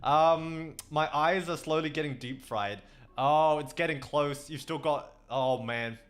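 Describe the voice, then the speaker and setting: A young Australian man chats casually on a livestream through a desk microphone, rambling, swearing and laughing a lot. His voice is a little high and his pace unhurried.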